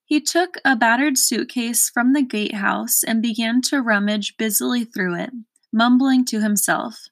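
A woman reading a children's storybook aloud in a measured, expressive way. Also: a little high, dry recording. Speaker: storybook reader.

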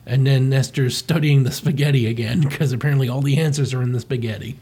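A man's voice: medium pitch, steady tone, fast, dark tone, slightly rough. A man co-hosting a casual chat, joking wryly as he walks through comic panels. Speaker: podcast co-host.

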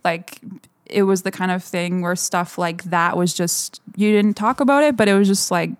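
Young woman, energetic casual chat, low-pitched, dry close sound. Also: moderate pace, no echo. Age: 20s. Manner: energetic, laughing, heavy use of "like".

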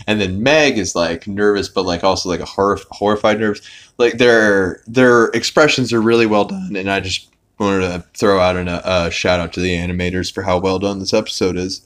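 A man's voice: deep voice, fairly even intonation, moderate pace, fairly bright tone. A man hosting a podcast, recapping an episode in a casual, rambling way with lots of filler words and some swearing. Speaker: podcast host.

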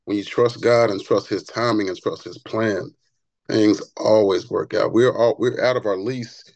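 A man, a barber and author, telling stories as a podcast guest in an earnest, animated way, often repeating words as he gets going. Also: lowish voice, moderate pace, creaky, dry recording, rough recording. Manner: repeats words when excited. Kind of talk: conversational interview storytelling.

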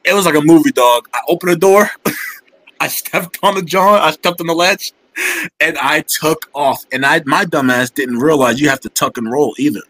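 A man's voice: a little high, normal speed, fairly bright tone, no echo, poor audio. A young man in casual chat, animatedly telling a story full of slang and acting out the quotes.

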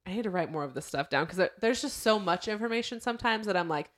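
A woman's voice: medium pitch, lively intonation, fast. A young woman hosting a podcast, chatting casually and acting out quoted lines as she retells a story. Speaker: podcast host.

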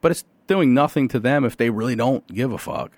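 A man's voice: a little fast, no echo. A middle-aged man, a podcast guest, telling candid personal stories in casual talk, swearing freely and acting out what people said. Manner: animated, swears freely, acts out quotes with jumps in pitch. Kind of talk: candid conversational storytelling. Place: podcast studio.

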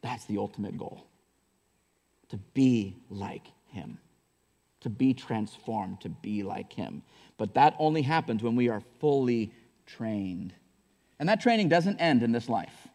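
A man's voice: medium pitch, big pitch swings, measured pace, vocal fry, a little mellow. Guy pastor preaching, chatty then fired up, big churchy reverb. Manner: conversational preaching, rising to fervent emphasis. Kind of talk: sermon. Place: church sanctuary.

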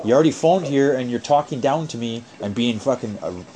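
A man's voice: medium pitch, animated, a little fast, background noise. A man in a heated phone argument, lecturing angrily and swearing a lot. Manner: angry, profane, lecturing. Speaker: caller in a family phone argument.

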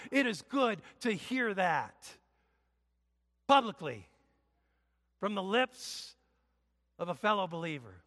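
A male pastor giving a conversational sermon, with emphatic bursts and loud exclamations, in a church. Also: sits high, very animated, unhurried, long pauses, in a large hall. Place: church sanctuary.

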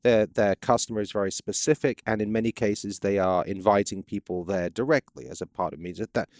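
A man's voice: lowish voice, fairly quick, darkish tone, no room sound, studio quality. A man hosting a casual conversation, asking curious, chatty questions and often repeating words as he talks. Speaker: host.

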